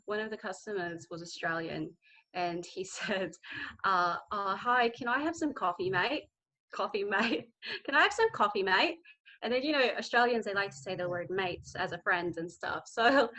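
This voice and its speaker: A woman's voice: mid-range voice, sharp tone. A woman answering in a casual conference Q and A, chatty and laughing often. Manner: chatty, laughs often, mixes English and Filipino. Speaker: flight attendant panelist.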